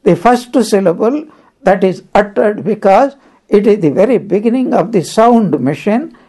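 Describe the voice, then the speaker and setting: A spiritual teacher speaks on scripture at an easy pace, sharing stories and defining Sanskrit terms one after another. The medium-pitched voice is mellow yet animated.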